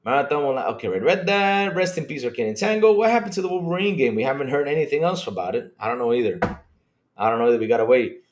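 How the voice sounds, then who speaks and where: Animated man hosting a gaming stream. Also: mid-range voice, fast. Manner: animated and rambling, swears when worked up. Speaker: podcast host reading live chat. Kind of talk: casual livestream chat.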